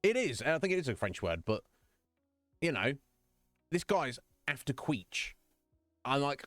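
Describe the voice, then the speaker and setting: A British man chats on his stream, rambling through stories in a lively voice that rises and falls a lot. His voice sits close and dry on the mic, with faint music underneath. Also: medium pitch, measured pace, pauses often, no echo. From Britain. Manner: rambling storytelling with quoted voices and laughs. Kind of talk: casual chat.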